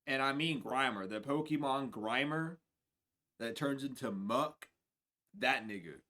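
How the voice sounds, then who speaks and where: Male streamer doing a spiritual reading at a middling pitch, casual and profane, low mutters with sudden loud laughing bursts. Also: unhurried. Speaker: spiritual reader.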